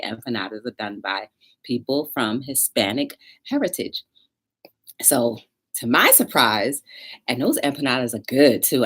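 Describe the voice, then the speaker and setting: A woman hosting a live talk show, bubbly and excitable, a little out of breath. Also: extremely low pitch. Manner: bubbly, excitable, sings and chants along. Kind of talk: upbeat live-stream chat.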